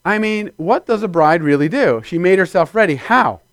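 A man's voice: high voice, animated, moderate pace, no room sound. A man preaching a sermon to a congregation in a conversational, playful way, acting out little scenes in put-on voices. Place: church before a congregation.

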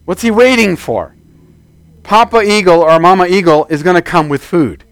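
A man's voice: high voice, normal speed, no room sound. A man preaching a sermon as pastor, in a conversational way, acting out quoted voices along the way.

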